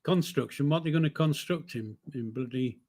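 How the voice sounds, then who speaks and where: An older man hosts a live stream, chatting loosely to his viewers. He rambles and jokes, breaking up his sentences with fillers and restarts. His voice sits at an ordinary pitch for a man. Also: normal speed, a little mellow. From northern England. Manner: chatty, rambling, jokey, with frequent fillers and self-corrections. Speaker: livestream host reading chat. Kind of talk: casual live-stream chat.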